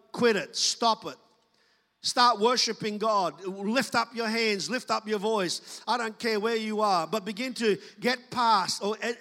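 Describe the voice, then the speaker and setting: Man, pastor, conversational sermon, bright voice, long hall reverb. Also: high-pitched. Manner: conversational preaching with quoted asides.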